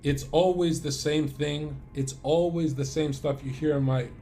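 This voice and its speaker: Crude, rambling man with a mellow voice. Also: on the high side, fairly even intonation, a little slow. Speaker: streamer. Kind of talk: casual monologue.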